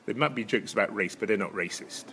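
A Scottish man with a Highland accent, chatting casually as a podcast co-host, rambling through restarts and chuckles. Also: fast talker, noisy background. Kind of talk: casual chat.

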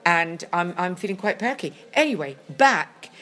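Woman co-hosting a podcast, lowish voice, dry teasing banter, chatting in a shop. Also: animated, moderate pace, fairly bright tone. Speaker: podcast co-host. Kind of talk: casual chat. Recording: shop with background noise.

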